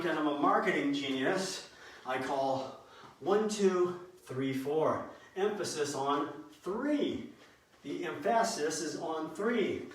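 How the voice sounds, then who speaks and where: A man's voice: on the high side, a bit bright. A man leading a workout class, counting out reps and cueing moves with joking asides. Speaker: fitness instructor. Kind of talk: live workout coaching. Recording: echoey room, mic at a distance, faint noise.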